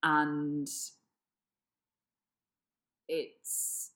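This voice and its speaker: A woman's voice: low-pitched, monotone, drawn-out words, sharp tone. A woman co-hosting a casual podcast discussion, thoughtful and amused.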